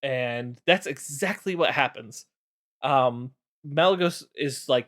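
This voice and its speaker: A man's voice: mid-range voice, slow pace, a bit bright. A man streaming, casually recapping game lore with lots of fillers.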